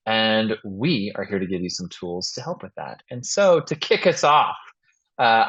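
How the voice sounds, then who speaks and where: A man's voice: on the low side, slightly rough. A man hosting a podcast, telling stories in a casual way and acting out the voices of the people in them. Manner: animated, acts out voices in his stories. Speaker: podcast host. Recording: dull, muffled lo-fi sound.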